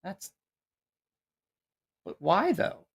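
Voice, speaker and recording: A man hosting a live stream, reacting in incredulous, mocking, profanity-laced rants and laughing at what he sees. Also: very slow. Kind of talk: casual live-stream commentary.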